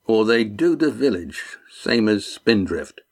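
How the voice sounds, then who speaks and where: Man doing a shifty sailor, sly, rough-spoken, drawling, audiobook. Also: fairly low pitch, big pitch swings, slow pace, heavily acted.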